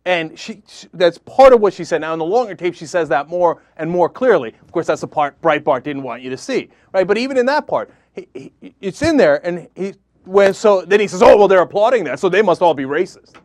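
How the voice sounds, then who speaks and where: A man's voice: sits high, animated, fairly quick, dry recording. Sarcastic, fired-up male political host. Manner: angry, sarcastic, emphatic. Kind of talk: political commentary monologue.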